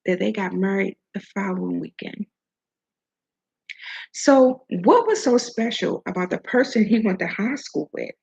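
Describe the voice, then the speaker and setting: A woman with a gravelly, husky voice gives chatty, preachy advice about self-worth, tossing in the odd swear word. She sometimes talks around food in her mouth, and the recording sounds a bit dull and lo-fi. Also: mid-range voice, expressive, a little slow, darkish tone. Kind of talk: casual motivational talk.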